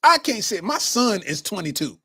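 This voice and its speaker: A man's voice: high voice, a little fast, vocal fry, husky, no room sound. A man in his forties, a comedian hosting his own podcast, telling stories in a casual monologue full of street slang. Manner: animated storytelling with street slang.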